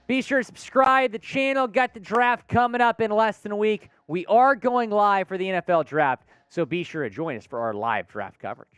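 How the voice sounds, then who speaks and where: Animated man hosting a live sports stream. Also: high-pitched, brisk, few pauses, smooth, no echo. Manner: lively, animated, answers viewer comments by name. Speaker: sports show host. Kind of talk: live stream sports talk reading chat.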